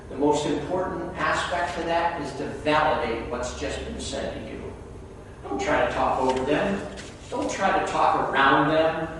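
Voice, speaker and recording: A male pastor delivering a sermon, his voice pitched high for a man. He drops to near hush and then builds to loud, emphatic appeals. The sound comes from a distance in a long, echoing church hall. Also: a little hiss or hum. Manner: swings from hushed to loud and emphatic. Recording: echoey hall, mic far off.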